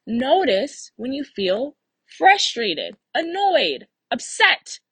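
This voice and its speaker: A young woman coaching listeners on her own podcast, her pitch swinging up and down as she acts out their inner voices. Her voice is slightly husky and the sound is dry and close. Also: very animated, extremely slow, a bit bright, dry recording. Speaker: life coach and podcast host. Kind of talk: solo podcast talk.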